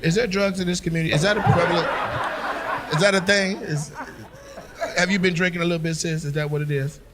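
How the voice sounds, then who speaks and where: A man's voice: high voice, steady tone, quick pace. A man doing teasing, profane crowd work as a stand-up comedian on a club stage. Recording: live show with crowd noise. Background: audience laughter.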